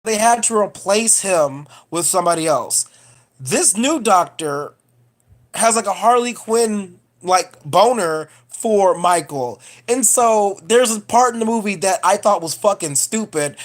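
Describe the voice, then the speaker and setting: A woman vlogger talks straight to camera in a casual film review rant. She is animated and profane, and her thoughts wander off on tangents as she goes. Her voice sits in an ordinary middle pitch. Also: unhurried.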